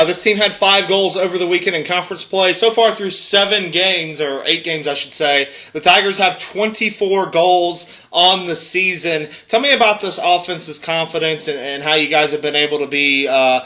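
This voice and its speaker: A man hosts a college sports interview, with upbeat, playful lead-ins and a casual question round. His voice sits fairly high for a man and has a bright, forward edge. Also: fairly even intonation, moderate pace, hardly any pauses.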